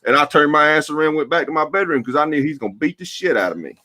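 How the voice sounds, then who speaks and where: A man's voice: fairly high pitch, lively intonation, fast, pushed and bright, no room sound. Male co-host, 30s, emphatic storyteller, casual barbershop banter. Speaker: podcast co-host.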